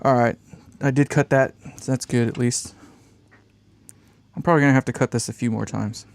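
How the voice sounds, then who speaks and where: A man's voice: medium pitch, fairly even intonation, fairly quick, gravelly. A man with congested sinuses chatting in a rambling, laid-back way while building an amp on a live stream, swearing casually and chuckling often.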